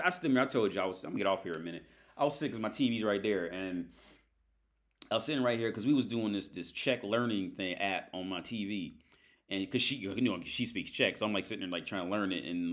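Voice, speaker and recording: A livestream host speaks in a lowish, pushed and bright voice from his home beside the TV. His casual rant wanders crudely, packed with filler words and restarts.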